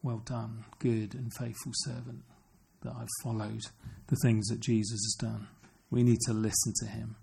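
A man's voice: fairly low pitch, level tone, moderate pace, vocal fry, warm tone, slightly rough. A man preaching an earnest sermon, often asking his listeners questions. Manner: earnest, asks the congregation questions.

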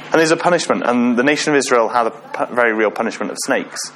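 A man's voice: medium pitch, quick pace, a bit bright, slight background noise. A man giving an informal sermon, often asking the congregation questions and joking with them. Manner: chatty, asks the audience questions, self-deprecating humor. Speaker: preacher.

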